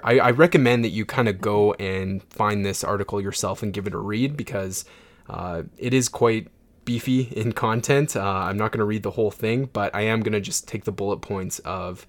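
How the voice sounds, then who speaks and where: A young man hosting a casual gaming podcast, relaxed and upbeat, with plenty of fillers. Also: on the low side. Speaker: podcast host.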